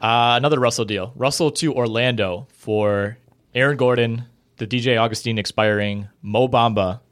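Here a male podcast co-host discusses basketball trades in a relaxed, filler-heavy way, hedging as he goes. The voice sits at a medium pitch with fairly even intonation, a fairly bright tone, and normal speed.

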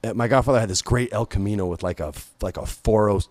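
A man telling a long story in casual talk, animated and swearing freely, jumping loud and high whenever he quotes someone. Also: quick pace, no echo. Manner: animated, swings loud and high when quoting people. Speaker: podcast guest.

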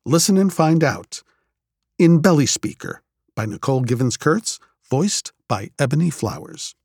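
A man's voice: on the high side, sing-song, a little slow, gravelly, darkish tone, slightly rough, no room sound, studio quality. A male podcast host giving a wry, playful scripted introduction to a story.

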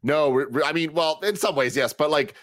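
A man's voice: a little high, fairly quick, fairly bright tone, no room sound. Thirties guy cohosting, chatty storytelling, dry close mic sound. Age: 30s. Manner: storytelling, joking banter. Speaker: co-host. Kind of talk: casual chat.

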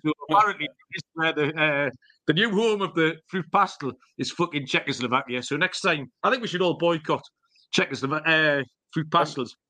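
A man's voice: on the high side, a little fast, bright, forceful tone. A middle-aged man co-hosting a podcast, telling rambling, jokey stories with some swearing in casual chat. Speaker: podcast co-host.

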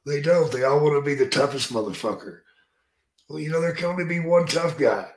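A man's voice: a little high, a little fast. A man hosting a podcast in a casual interview, talking bluntly and swearing freely with strong opinions. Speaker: podcast host. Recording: roomy echo.

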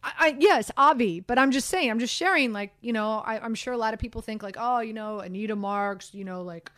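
Chatty animated woman sports radio host. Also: on the high side, brisk, no echo, studio quality. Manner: animated, chatty, self-deprecating, many fillers. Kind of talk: casual sports talk chat.

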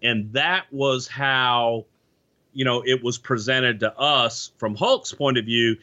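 Bright-voiced man recalling old backstage stories. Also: mid-range voice, steady tone, slow. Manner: rambling, frequent you-knows and restarts. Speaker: former wrestling insider guest. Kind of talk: casual podcast recollection. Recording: dull lo-fi sound.

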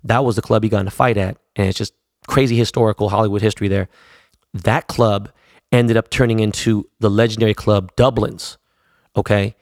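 A man's voice: on the low side, steady tone, a little fast, gravelly, dry recording, studio quality. A man in his forties casually telling long rambling stories, full of slang and swearing. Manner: profane, rambling, slangy storytelling. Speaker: podcast host telling stories. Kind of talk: casual storytelling.

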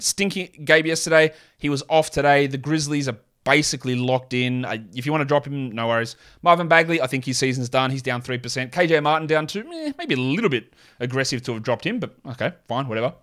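A man in a middle voice runs through his sports podcast alone, talking casually. He drops quick opinions and offhand asides as he goes. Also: mid-range voice, a bit bright. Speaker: fantasy basketball podcast host. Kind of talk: casual solo podcast commentary.

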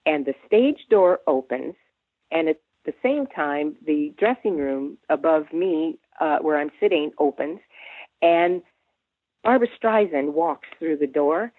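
A woman in her seventies, a guest on an interview, telling an anecdote in a lively way, humming tunes and restarting her sentences. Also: low voice, unhurried, no echo. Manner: animated storyteller who hums tunes and restarts often. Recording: dry, tinny phone line.

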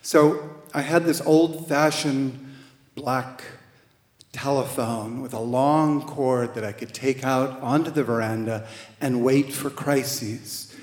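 A man at a middle pitch telling a true story live, gently and wryly, stumbling over a word now and then. He takes his time with every phrase. His voice rings with a long reverb off a large hall. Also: steady tone. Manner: slow, gentle and wry, with hesitant restarts. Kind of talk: live first-person storytelling on stage.

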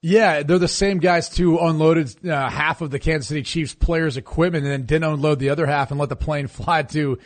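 Man, former football player, casual sports chat, joking, slightly high pitch. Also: fairly even intonation, brisk, hardly any pauses, dry recording.

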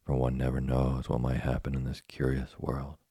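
A man voicing a patient, kind old woodcarver father in a storybook reading, gentle, calm and moralizing. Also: a bass voice, moderate pace, no echo, studio quality. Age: older. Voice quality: gravelly, husky.

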